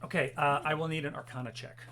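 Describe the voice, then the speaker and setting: A man's voice: a little high, steady tone, fast, bright, forceful tone. A man narrating as game master of a tabletop game, hesitant and full of fillers. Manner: hesitant, full of ums and uhs.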